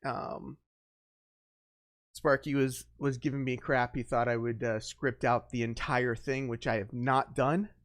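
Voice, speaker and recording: A man hosting his first live stream, chatting off the cuff, greeting viewers one by one and often pausing on fillers. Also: mid-range voice, fairly even intonation, no echo, studio quality. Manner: unscripted, greets viewers by name, halting with fillers. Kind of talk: casual live stream chat.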